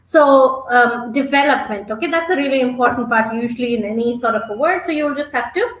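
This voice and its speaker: High-voiced woman coaching a webinar. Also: brisk, fairly bright tone, reverberant, rough recording. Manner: coaching, checks in with frequent "okay?". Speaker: exam prep trainer. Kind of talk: online webinar teaching.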